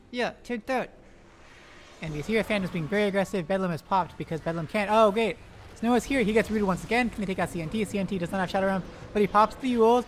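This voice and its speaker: An esports caster giving live play-by-play commentary, rapid-fire and excitable, breaking into loud exclamations and talking to the players on screen. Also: medium pitch, a little hiss or hum. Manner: talks to the players on screen, self-deprecating asides.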